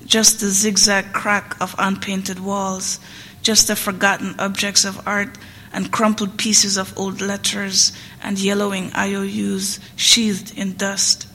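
A woman reading literary fiction aloud in a hall, measured and rhythmic. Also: medium pitch, completely flat delivery, bright, forceful tone. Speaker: reader. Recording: long hall reverb, faint noise.

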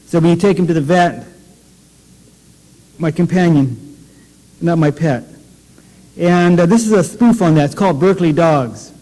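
A man giving a poetry reading, wry and measured, with offhand asides between poems. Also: fairly high pitch, warm tone. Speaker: poet. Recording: long hall reverb.

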